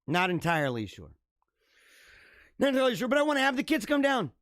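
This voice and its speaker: A man hosting his own livestream show, signing off in an energetic, rambling, chatty way, his voice a little hoarse. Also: very high voice, fast, dry recording, clean studio sound. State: slightly hoarse. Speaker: podcast host. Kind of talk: casual livestream sign-off.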